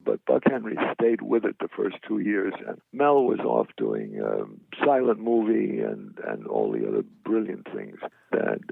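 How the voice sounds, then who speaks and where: An older man, an actor, telling animated stories of his career in an interview, with salty language. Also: on the low side, gravelly, husky, no room sound. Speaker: actor guest. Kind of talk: storytelling interview. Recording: tinny phone-like line, dry.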